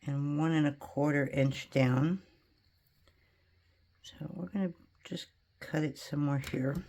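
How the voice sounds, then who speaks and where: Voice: medium pitch, fairly even intonation, unhurried, darkish tone. Chatty home crafter talking through a clay project. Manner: chatty, self-deprecating, talks to viewers while working. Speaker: polymer clay craft tutorial host. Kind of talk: casual thinking-aloud craft demonstration.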